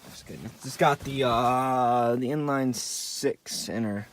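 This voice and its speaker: A young man filming a casual car vlog outdoors in the cold, talking in a rambling, offhand way. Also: medium pitch. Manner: rambling, offhand, fills pauses. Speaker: car video maker. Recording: loud outdoor engine noise. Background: idling engine noise.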